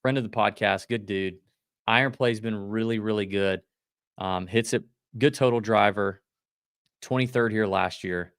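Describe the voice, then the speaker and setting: A man co-hosting a golf betting podcast, talking in a quick, loose, joking way. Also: lowish voice, fairly even intonation, smooth, no room sound, clean studio sound. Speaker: podcast co-host. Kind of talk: casual golf betting chat.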